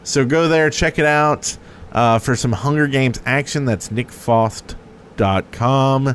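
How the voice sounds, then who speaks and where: A man's voice: mid-range voice, takes it slowly, slight background noise. A man co-hosting a casual podcast, jokey and fond of silly voices. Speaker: podcast co-host.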